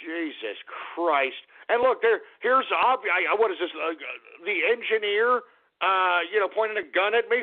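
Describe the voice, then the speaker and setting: A man hosting a radio show, ranting loudly and swearing in a strained, hoarse voice. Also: high voice, lively intonation, moderate pace. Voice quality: strained, fading voice. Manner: loud, profane and exasperated. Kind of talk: ranting call-in radio talk. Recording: phone-like lo-fi radio audio.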